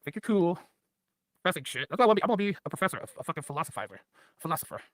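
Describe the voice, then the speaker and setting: A man's voice: on the high side, big pitch swings, rapid-fire, sharp tone, dry recording, studio quality. A man streaming, rambling loosely and profanely while a bit drunk. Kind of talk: rambling casual stream chat.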